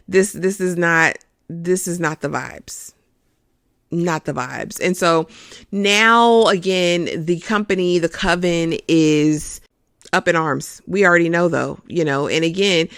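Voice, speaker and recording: Chatty show host, expressive casual recap, mid-pitched voice, dry close sound. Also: dry recording. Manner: chatty and expressive, calls listeners honey.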